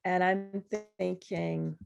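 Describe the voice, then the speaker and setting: Woman guest poet, gravelly voice, animated storyteller who acts out others' voices. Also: on the low side, slow pace, highs cut off, soft background music. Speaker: guest poet at a university reading. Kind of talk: conversational storytelling.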